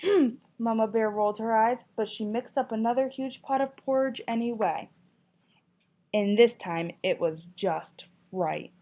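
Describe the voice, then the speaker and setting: Expressive woman teacher reading a story aloud. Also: fairly high pitch, a little slow. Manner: expressive, encouraging questioning. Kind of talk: children's story reading and lesson. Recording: dull lo-fi recording.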